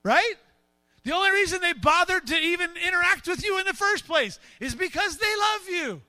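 A man preaching with a strikingly high, bright voice, animated and quick to act out quotes in other voices. The sound is close and dry with no room echo. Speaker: pastor. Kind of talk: sermon.

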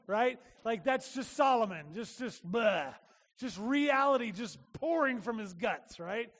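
A male pastor giving a conversational sermon, animated, acting out little voices and asking the room questions. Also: very high voice, a little slow, in a large hall.

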